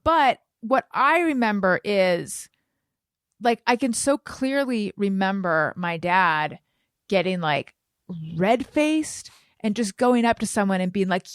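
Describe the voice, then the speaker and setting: A woman co-hosting a casual podcast, telling a story with animated, acted-out quotes. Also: mid-range voice, slow, no room sound, clean studio sound. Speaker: podcast co-host. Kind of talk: casual chat.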